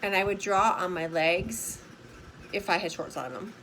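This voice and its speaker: A woman's voice: fairly low pitch, normal speed, a bit bright, slight background noise, low-quality recording. Bubbly older woman chatting about crafts. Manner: bubbly, chatty, lots of "super" and "right?". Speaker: art journaling vlogger. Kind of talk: casual craft tutorial.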